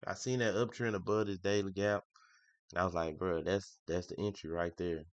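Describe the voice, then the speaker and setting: Deep-voiced man, slangy livestream chatter. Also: fairly even intonation, moderate pace, no echo. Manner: slangy, grumbling, repeats himself. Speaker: day trader streaming live. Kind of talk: casual livestream commentary. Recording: dry, slightly muffled lo-fi audio.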